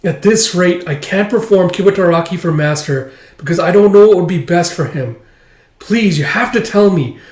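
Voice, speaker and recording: A man's voice: sits high, normal speed, a little mellow, voice pushed up, close to an everyday voice. A man reading out the lines of an earnest, determined teenage girl who pleads urgently, in a manga chapter read-through. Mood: pleading. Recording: roomy echo.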